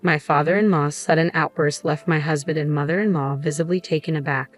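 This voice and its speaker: A woman narrating a first-person story in an even, measured reading, over faint music. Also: sits low.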